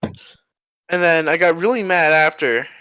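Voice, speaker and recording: A man's voice: on the high side, unhurried, pushed and bright, smooth, no echo, low-quality recording. A teenage boy telling a rambling story to friends on a casual podcast, laughing and acting out voices. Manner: rambling, laughs often, acts out quoted voices. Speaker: podcast co-host.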